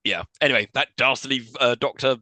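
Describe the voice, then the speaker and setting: A man co-hosting a podcast, chatting quickly and laughing as he recaps a film. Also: medium pitch, bright, forceful tone, dry recording. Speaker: podcast co-host. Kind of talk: casual chat recapping a film.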